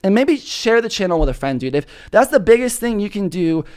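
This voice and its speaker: Young male podcast host from Florida, profane and goofy, pitch swinging wide as he riffs. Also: very animated, brisk, a little mellow. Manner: profane, hyped, goofy bits with bro slang. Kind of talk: rambling comedic monologue.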